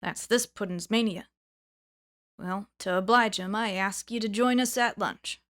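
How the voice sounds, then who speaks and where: A woman's voice: mid-range voice, a little slow, a bit bright, lightly acted. A woman reading the lines of a blunt, good-natured man in a plain, friendly way in a storybook reading. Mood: hearty. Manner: plain, friendly and matter-of-fact.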